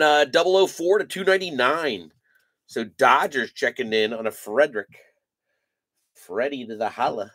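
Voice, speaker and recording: A man hosting a live trading card break, calling out player names and giving energetic, slangy shout-outs to buyers. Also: mid-range voice, dry recording.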